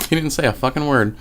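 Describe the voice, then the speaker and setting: A man's voice: medium pitch, noisy background. Rambling, profane male storyteller. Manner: profane, rambling, with frequent restarts. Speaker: vlogger. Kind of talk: casual paranormal storytelling.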